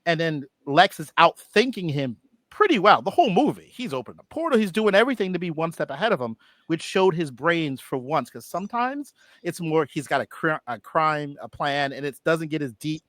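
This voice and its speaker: A man's voice: on the high side, big pitch swings, normal speed, fairly bright tone, no echo. Rambling, enthusiastic man in a dry room. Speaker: panelist. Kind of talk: casual film review chat.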